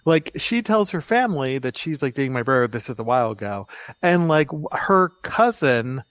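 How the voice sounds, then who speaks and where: A man co-hosting a casual podcast chat, telling stories in an upbeat, animated way. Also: medium pitch, moderate pace, no room sound. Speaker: podcast co-host.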